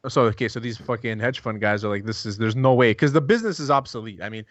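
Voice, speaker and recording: A man's voice: mid-range voice, fast, dry recording, dull audio. A man co-hosting a casual podcast, emphatic, swearing freely and repeating points for effect. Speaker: podcast co-host.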